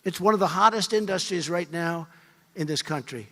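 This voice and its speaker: Forceful, boastful man in his seventies. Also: high voice, normal speed, vocal fry. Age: 70s. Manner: repetitive, boastful, emphatic. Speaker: politician. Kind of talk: off-the-cuff campaign speech. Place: large event hall. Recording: reverberant hall with faint crowd.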